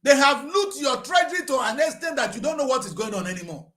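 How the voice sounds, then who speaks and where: A man in his sixties with a Nigerian English accent, giving impassioned political commentary that swings from grave and low to shouting. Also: big pitch swings, quick pace. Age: 60s.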